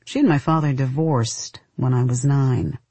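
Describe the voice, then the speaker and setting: Husky woman reading a first-person story. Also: a bass voice, a little slow, mellow, dry recording. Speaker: narrator.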